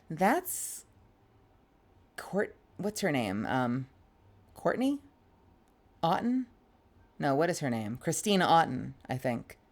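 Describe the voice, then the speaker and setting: A tired woman streamer chatting casually with viewers. She rambles and giggles, often stopping and restarting her sentences. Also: low-pitched.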